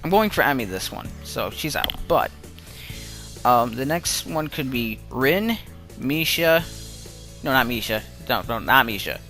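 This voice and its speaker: Young male let's-player, mid-pitched, reads game text and rambles between lines; faint music behind. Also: expressive, sharp tone. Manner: rambling, self-interrupting, quick to laugh. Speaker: let's play gamer. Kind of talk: reading a visual novel aloud with chatty asides.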